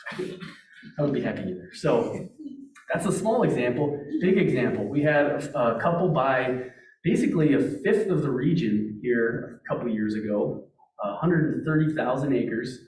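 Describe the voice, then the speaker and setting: A man from Montana talks to a meeting audience in a loose, storytelling way, often restarting his sentences. His voice sits at an ordinary pitch. It is picked up from some distance in a roomy hall with a clear echo. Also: lively intonation, moderate pace, a little mellow. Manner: conversational storytelling with many restarts. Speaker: wildlife agency speaker. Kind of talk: public talk.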